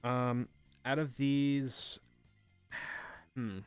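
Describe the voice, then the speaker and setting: A man's voice: mid-range voice, level tone, very slow, clean tone, soft background music. A young man casually narrating a fan-made game, thinking aloud with fillers and offhand swearing. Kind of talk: casual unscripted commentary.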